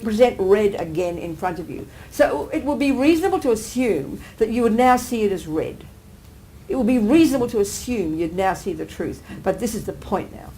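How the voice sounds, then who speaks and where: A woman Buddhist teacher giving a live talk, animated, often asking her listeners whether they agree and acting out everyday exclamations. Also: medium pitch, rough recording. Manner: acts out everyday exclamations with sudden lifts. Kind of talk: live dharma teaching to an audience.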